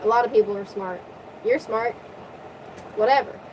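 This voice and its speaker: A woman's voice: on the high side, moderate pace, lo-fi sound, slight background noise, natural voice. A woman quoting an unimpressed, skeptical queen goddess.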